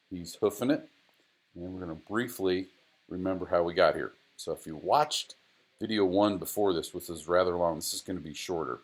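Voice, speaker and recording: A man with a deep, low voice walks through racing data on screen like an instructor. He is casual, repeats points for emphasis and grumbles at his tools as he goes. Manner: casual, repeats phrases, talks to the software. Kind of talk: screen-recorded data analysis tutorial.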